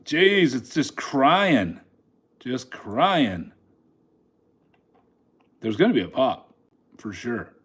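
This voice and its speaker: A man's voice: medium pitch, very slow, pauses often, breathy edge. Man narrating his live trades casually. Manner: excitable, talks to the chart, laughs often. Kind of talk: casual live trading commentary. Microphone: phone held in hand.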